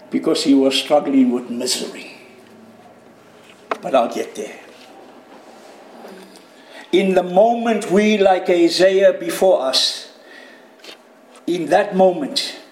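Slow, high-voiced preacher in an echoey hall. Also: male voice, a little hiss or hum. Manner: dramatic, swings from low to shouting peaks. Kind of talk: sermon. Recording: echoey room.

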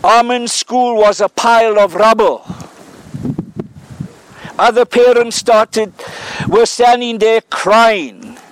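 A man's voice: extremely high pitch, slow, clean tone, low-quality recording. A man preaching a sermon, telling an illustrative story in an earnest way and then building to emphatic declarations. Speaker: pastor.

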